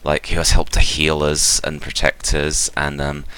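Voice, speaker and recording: A man's voice: a bass voice, completely flat delivery, a little slow, bright, forceful tone, clean tone, exaggerated voice. A man voicing a grateful female hobgoblin traveler in a tabletop game, introducing her friends in a rambling, fond way.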